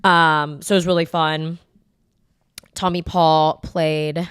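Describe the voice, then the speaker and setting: A woman's voice: low-pitched, flat delivery, takes it slowly, fairly bright tone, clean tone, no room sound. Young female co-host, casual and talkative, casual swearing, dry mic. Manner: chatty, heavy use of "like", swears casually. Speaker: podcast co-host. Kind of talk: casual chat.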